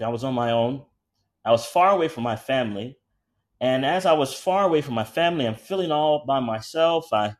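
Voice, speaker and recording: Man preaching with drawn-out emphasis. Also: fairly high pitch. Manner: drawn-out emphatic phrases, switching to quick anecdote. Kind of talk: sermon.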